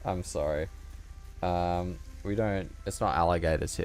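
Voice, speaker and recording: A man's voice: sits low, steady tone, measured pace, darkish tone, faint music behind. A man with a subtle Australian accent chatting and joking with viewers as he plays a game live. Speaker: gaming streamer. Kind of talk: casual live gameplay commentary.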